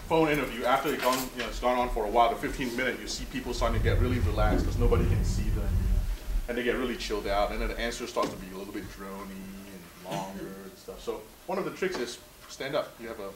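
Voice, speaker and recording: A man's voice: medium pitch, fairly even intonation, fast. Man, mock interviewer, stammering questions, distant mic, noisy echoey room. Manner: stammers and repeats words. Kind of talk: casual seminar talk and mock interview questions. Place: seminar room.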